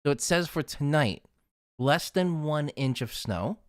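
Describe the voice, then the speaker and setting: A man's voice: on the high side, lively intonation, a little slow. A man hosting a casual weather livestream, chatting with viewers and reading snowfall forecasts aloud off his screen.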